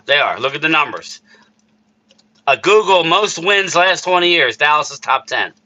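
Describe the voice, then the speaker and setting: Bright, worked-up man ranting. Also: on the high side, animated. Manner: heated, worked-up ranting with quick asides to chat. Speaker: streamer host reading chat. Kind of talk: casual live-stream sports talk.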